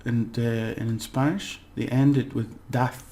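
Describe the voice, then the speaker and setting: A man giving a relaxed, chatty language lesson, slowly repeating words for practice and laughing at his own slips. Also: medium pitch, a little hiss or hum. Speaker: language teacher. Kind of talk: casual spoken language lesson.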